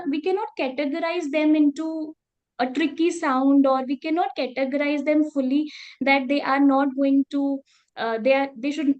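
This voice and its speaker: Woman presenter, high voice, earnest and repetitive explainer on a call. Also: dull audio. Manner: earnest, repeats herself while explaining. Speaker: session presenter. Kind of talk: answering questions in an online training. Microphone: video call.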